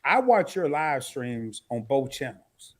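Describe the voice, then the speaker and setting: A man hosting a casual live stream, telling stories with animated energy and talking straight to his viewers. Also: medium pitch, slow pace. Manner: animated storytelling, talks straight to the chat. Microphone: camera mic.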